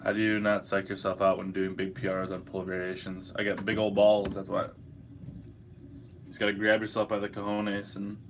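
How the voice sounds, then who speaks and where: A man's voice: fairly low pitch, monotone, normal speed, a little hiss or hum. A young man hosting a casual livestream, hungover, reading chat questions aloud and answering in a laid-back, profane way.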